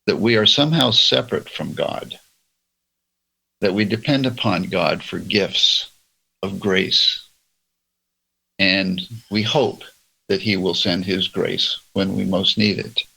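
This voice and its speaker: A man leading a church roundtable, reading religious passages aloud in a slow, measured way. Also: low-pitched, vocal fry, sharp tone, slightly rough, rough recording. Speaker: church discussion leader. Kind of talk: reading and discussing religious texts.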